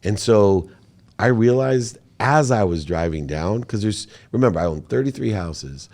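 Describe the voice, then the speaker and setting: A man who is a podcast guest, telling an emotional personal story in an interview with animated, emphatic delivery. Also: fairly low pitch, measured pace.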